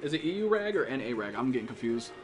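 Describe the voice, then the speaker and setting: Man, gaming streamer, cussing, trash-talking, mid-pitched voice, faint music behind. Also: big pitch swings, quick pace. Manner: profane trash-talk, greeting chat viewers. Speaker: game streamer. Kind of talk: live gameplay commentary.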